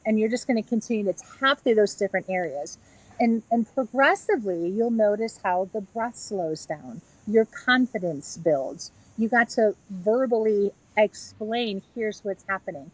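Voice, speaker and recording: A woman's voice: mid-range voice, expressive, moderate pace, low-quality recording. A middle-aged woman, a yoga therapist and author, earnestly explaining a practice step by step in a conversational interview.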